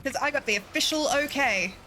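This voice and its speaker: A woman's voice: high-pitched, expressive, a little fast, pushed and bright, slight background noise. A woman streaming a game, chatting casually, swearing freely and laughing often. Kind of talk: casual gameplay chat.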